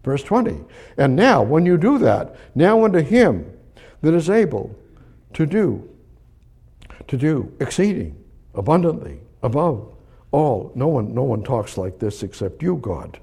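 A man's voice: mid-range voice, sing-song, measured pace, vocal fry, mellow, husky. A man preaching a sermon in a church, reading Bible verses and asking God rhetorical questions. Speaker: pastor. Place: church service.

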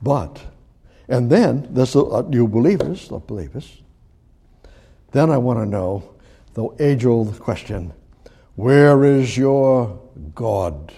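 A preacher delivers a sermon in a husky, mellow voice pitched a little higher than most men's, with wide swings in pitch. He's animated yet slow, leaving long pauses as he rambles, repeats himself and restarts sentences.

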